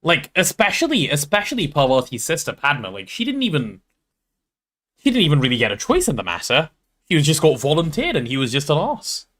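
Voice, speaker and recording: Brief: male streamer, chatty and animated, swears casually, pitch swinging all over. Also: brisk. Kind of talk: reading a novel aloud and chatting on stream.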